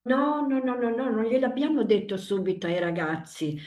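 An older woman recalling a painful time, emotional and pausing as she speaks. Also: fairly high pitch, animated, a little mellow. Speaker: interview guest. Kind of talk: emotional personal recollection.

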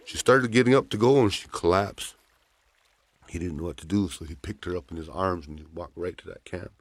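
A man telling a traditional story aloud in a gentle, folksy, unhurried way. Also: deep voice, no echo.

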